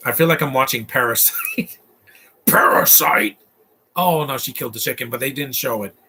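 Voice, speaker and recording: A man's voice: mid-range voice, big pitch swings, brisk, bright, forceful tone, a little hiss or hum. A man giving casual, opinionated live commentary while watching a movie, rambling through asides and restarts.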